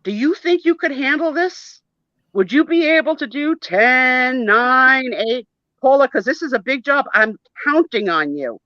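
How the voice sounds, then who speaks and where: A woman voicing a bossy schoolgirl who fondly orders her classmates around, emphatic and high. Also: lively intonation, measured pace, fairly bright tone, dry recording, lo-fi sound.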